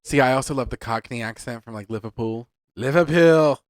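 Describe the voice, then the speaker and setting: Guy co-hosting a podcast, dry teasing humor, mid pitch, dry close sound. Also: level tone, quick pace, no echo. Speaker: podcast co-host. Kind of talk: casual comedic chat.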